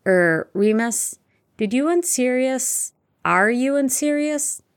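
A woman's voice: medium pitch, lively intonation, moderate pace, voice pushed up, lightly acted. A woman reading fanfiction aloud, voicing a flustered, defensive teenage boy who blurts things out in a raised voice.

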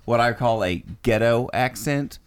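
A man's voice: mid-range voice, a little slow, a little hiss or hum. A man with a Texan accent, a guest on a casual podcast chat, telling a rambling story and questioning himself aloud.

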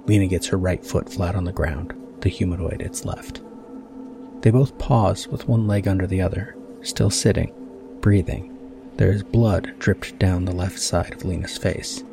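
Low gravelly male narrator over music. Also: steady tone. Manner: measured, deliberate shot-by-shot scene description. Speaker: podcast host. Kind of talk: scripted narration. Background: music underneath.

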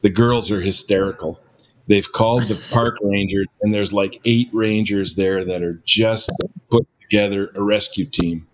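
A man's voice: fairly low pitch, fairly even intonation, a little slow, a little hiss or hum. Rambling older man telling a story. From Canada. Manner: rambling, many fillers, self-mocking. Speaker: guest storyteller. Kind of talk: casual storytelling.

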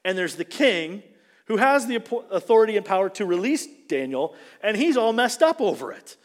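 A male pastor preaching a sermon, retelling the story with animated, dramatic delivery and acted-out quotes. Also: high voice, fairly quick. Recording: long reverb of a large hall.

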